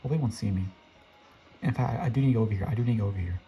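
A young man giving excitable live commentary while playing a game, his voice jumping up high when he gets scared. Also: very fast, highs cut off. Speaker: gaming video creator.

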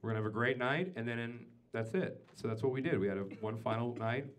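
A male stand-up comedian tells a long story into a stage mic. His pitch sits in the middle for a man, but he drops low and quiet, then climbs into loud, swearing rants. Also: fast. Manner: swears freely. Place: comedy club stage before a live audience.

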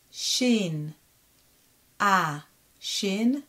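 Slow patient woman teaching reading. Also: mid-range voice, lively intonation, a bit bright. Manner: patient, sounds out syllables and repeats them. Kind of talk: slow step-by-step reading lesson.

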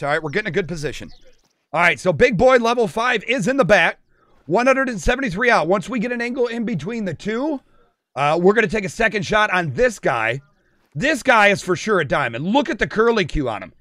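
A man streaming a hunting game, commenting with hype, whooping and shouting, then dropping to quiet murmurs. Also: sits high, no echo. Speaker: gaming streamer.

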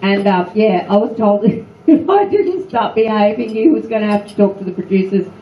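A woman's voice: medium pitch, lively intonation, moderate pace. An older woman telling self-mocking stories at a fan luncheon, often laughing. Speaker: former cast member on a panel. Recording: echoey room, dull sound, clear background noise.

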